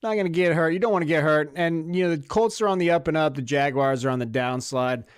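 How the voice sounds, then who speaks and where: A man's voice: on the high side, fast talker, clean tone, dry recording, clean studio sound. A man co-hosting a sports podcast, chatting casually, joking and swearing as he tells stories. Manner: profane, joking, storytelling. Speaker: podcast co-host.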